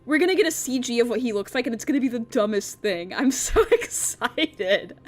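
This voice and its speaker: A young woman streaming a game, reacting excitably and rambling with stammers. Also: on the high side, moderate pace, hardly any pauses, soft background music.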